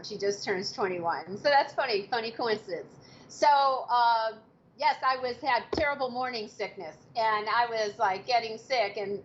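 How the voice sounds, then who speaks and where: A woman in her fifties casually telling behind-the-scenes stories from her film work, acting out quotes with sudden high exclamations. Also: a bit bright. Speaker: martial arts actress telling set stories. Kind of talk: casual storytelling interview. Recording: slightly dull audio with faint background noise.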